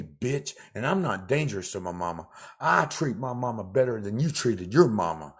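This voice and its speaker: A man ranting angrily to the camera in a profane, confrontational way, repeating himself with loud outbursts. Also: mid-range voice, animated, a little fast.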